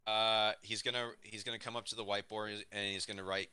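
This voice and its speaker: A man's voice: lowish voice, little pitch movement, fairly quick, bright, forceful tone, clean tone, dry recording. A man playing a tabletop game, casually describing what his character does with a lot of fillers. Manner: narrates his character's actions loosely, with many fillers. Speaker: player.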